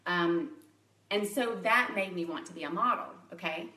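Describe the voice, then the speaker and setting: A woman's voice: fairly low pitch, normal speed, bright, forceful tone, far from the mic. Chatty woman in her forties, roomy sound. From Louisiana, USA. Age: 40s. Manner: chatty, open and personal, laughs at herself. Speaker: makeup artist and direct sales consultant. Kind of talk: candid live video chat to a private group.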